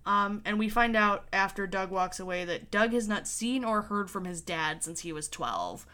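A woman's voice: mid-range voice, lively intonation, normal speed, sharp tone, smooth. A woman co-hosting a podcast who recaps plot events in wry storytelling and quotes the characters as she goes. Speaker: podcast co-host. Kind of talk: casual chat recapping a TV episode.

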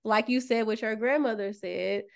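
Reflective woman pausing for words. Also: fairly high pitch, vocal fry. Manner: reflective, searches for words, laughs softly. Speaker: podcast co-host. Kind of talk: casual podcast chat.

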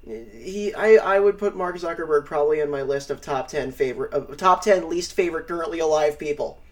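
A man co-hosting a podcast, chatting casually in an excitable, profane, enthusiastic way. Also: fairly high pitch, brisk. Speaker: podcast co-host. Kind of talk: casual chat.

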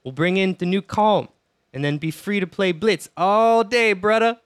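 A man voicing a zealous, well-meaning but dim young islander in a deliberately bad mock Jamaican accent, preaching and tacking on "brother". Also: sits high, clear, resonant tone, pitched above the performer's own voice, lightly acted. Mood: preachy. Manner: preachy, drawling, tacks on "brother". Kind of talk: comedic podcast impression.

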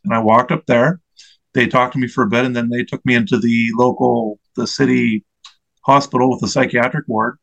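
A man in his forties speaks as an interview guest, at an ordinary middle pitch. He recounts his own experience earnestly and reflectively, pausing to search for the right words. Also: fairly even intonation, gravelly, fairly bright tone, poor audio. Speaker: interview guest, mental health advocate. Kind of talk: personal storytelling in an interview.

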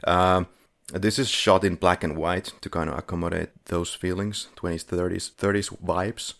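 A man with a very low voice co-hosts a casual film podcast. He walks through short-film plots in a relaxed, dryly sarcastic way and chuckles now and then. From Finland. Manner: laid-back, chuckles while reviewing, dry sarcasm. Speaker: podcast co-host. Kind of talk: casual film review chat.

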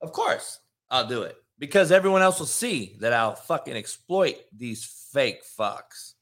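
A man's voice: medium pitch, very animated, unhurried, fairly bright tone. A man hosting a solo sports talk show, ranting in a brash, profane, combative way and talking to his live chat viewers. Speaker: show host.

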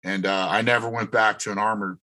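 A man's voice: lowish voice, steady tone, brisk, sharp tone, poor audio. A middle-aged man and Army veteran, a podcast guest telling long rambling anecdotes, full of fillers and restarts. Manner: rambling anecdotes with filler words and self-corrections. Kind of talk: casual storytelling.

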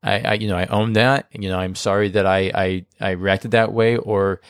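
A man co-hosting a marriage podcast, giving casual advice in an animated, emphatic way and often restarting his sentences. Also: lowish voice, moderate pace, clear, resonant tone, dry recording, studio quality.

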